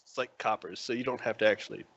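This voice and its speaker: A man narrating as dungeon master for a tabletop game, telling it in an animated way with frequent chuckles. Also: fairly low pitch, fast talker, gravelly, no room sound, highs cut off.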